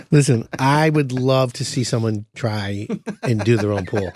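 A man hosting a casual podcast as a contractor, telling animated stories and giving plain advice. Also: medium pitch, a little slow. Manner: animated storytelling with laughs.

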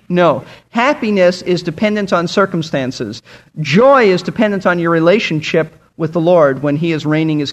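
A man's voice: sits high, fairly bright tone. An older man preaching a sermon, emphatic and fond of repeating key phrases.

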